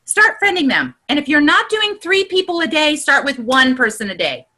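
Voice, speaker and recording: A woman giving a casual online training session over a video call, chatty and exclamatory, her voice climbing high whenever she gets excited. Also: normal speed. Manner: chatty and exclamatory, with many "look" and "you know". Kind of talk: casual instructional talk.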